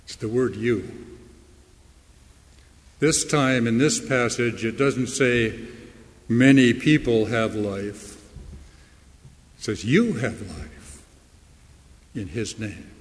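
Slow-preaching man in a reverberant hall. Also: mid-range voice. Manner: slow, emphatic preaching with dramatic pauses and swells. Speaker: pastor. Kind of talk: sermon.

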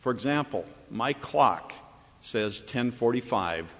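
A man's voice: medium pitch, unhurried, fairly bright tone, in a large hall. A man preaching a sermon as a pastor, telling a story and then building to emphatic, repeated phrases. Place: chapel.

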